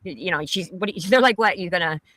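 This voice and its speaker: A woman's voice: fairly low pitch, expressive, fast, fairly bright tone, dry recording. A middle-aged woman from Pennsylvania, telling a personal story in a rambling, blunt and profane casual chat.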